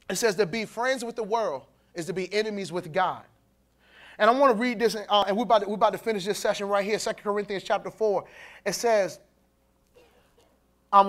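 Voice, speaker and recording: A man with a high-pitched voice preaching a sermon at a men's conference. He talks in a loose, colloquial way and acts out the people he quotes. He laughs between his points. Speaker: pastor.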